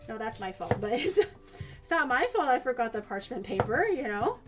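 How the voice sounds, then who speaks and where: A woman with a fairly high voice talks her way through a recipe in her home kitchen. She rambles, backtracks and swears casually as she explains. Soft music plays faintly behind her. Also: very animated, moderate pace. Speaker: streamer cooking on camera. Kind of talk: casual cooking stream.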